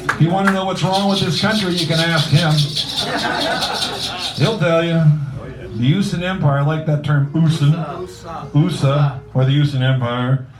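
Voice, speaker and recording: A man's voice: on the high side, fairly even intonation, normal speed, pauses often. A man hosting an open mic night at a cafe, introducing the next act in a joking, teasing way. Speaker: host. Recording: echoey room, mic far off, background noise.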